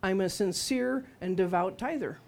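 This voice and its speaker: A woman's voice: medium pitch, normal speed, creaky, a little mellow. A middle-aged woman preaching a sermon in a conversational, humorous storytelling way, acting out quotes as she goes.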